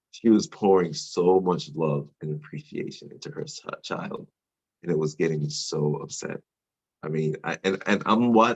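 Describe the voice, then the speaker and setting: A man's voice: sits low, highs cut off. A man earnestly telling a reflective, confessional personal story in a spoken storytelling style. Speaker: storyteller at a men's sharing circle.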